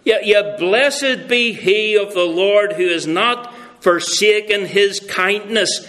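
A man voicing an excited older woman, an eager mother-in-law who fires off quick questions in a sermon retelling. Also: sits high, pitched above the performer's own voice, heavily acted.

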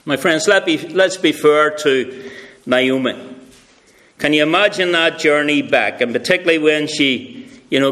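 A man preaching a sermon, teaching a Bible passage in a conversational, meandering way with many fillers. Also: fairly bright tone. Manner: conversational, with many fillers, drifts in pitch for emphasis.

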